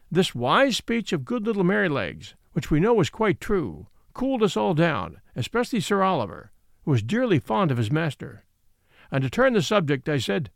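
Man reading an old storybook aloud, a bit gravelly, very dry close sound. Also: a little high, big pitch swings, moderate pace, dry recording. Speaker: audiobook narrator. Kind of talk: scripted storybook narration.

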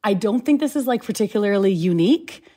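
Talking fast in a medium-pitched voice, a woman from Canada joins a video call as a guest for a casual chat. She animatedly recounts a lengthy travel mishap, performing the lines of the other people involved.

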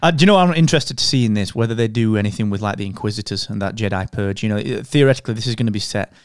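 A man's voice: on the low side, rapid-fire, smooth, dry recording, studio quality. A man co-hosting a podcast in casual chat, enthusiastic and friendly, calling his co-host mate and dude.

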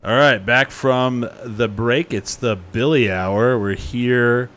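A man hosting a live talk show in loose, joking chat. His voice sits at an ordinary middle pitch, and he talks with easy humor. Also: steady tone, slow, a bit bright. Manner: joking, does goofy voices. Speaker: podcast host. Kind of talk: casual live-stream chat.

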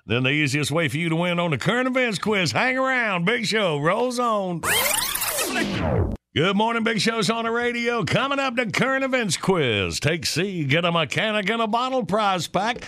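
A man's voice: high voice, lively intonation, normal speed, bright, forceful tone, slight background noise. A man hosting a morning radio show, bantering folksily and reading ads.

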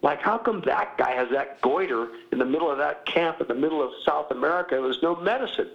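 A man's voice: a little high, fast talker, creaky, muffled recording. A man in his sixties, a former pastor, talking candidly and self-mockingly as an interview guest, often laughing. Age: 60s.

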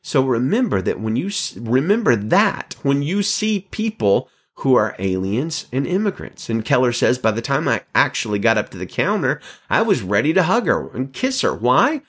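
Male pastor, sermon, animated storyteller, wide-ranging lively pitch. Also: moderate pace, hardly any pauses, husky. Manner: animated preaching with emphatic rises; storytelling, quoting another preacher.

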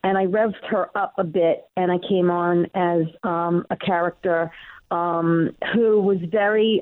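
A woman's voice: fairly low pitch, unhurried, no room sound. Woman, Queens accent, chatty comedian, tinny phone-like line, dry sound. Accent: Queens, New York. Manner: chatty and animated, with frequent fillers. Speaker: comedian and show host. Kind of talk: casual interview chat. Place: at home.

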